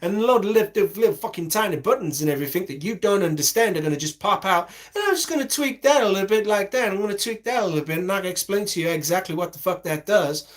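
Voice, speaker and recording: A man putting on an overeager American man giving a rapid, breezy software tutorial. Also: sits high, expressive, voice pushed up. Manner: rapid, breezy step-by-step instructing.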